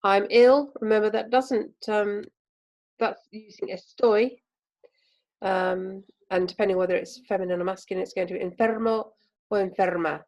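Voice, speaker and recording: An English woman, a language teacher, giving a recorded remote lesson with patient, clear explanations and frequent pauses. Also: mid-range voice, fairly even intonation, a little mellow, low-quality recording.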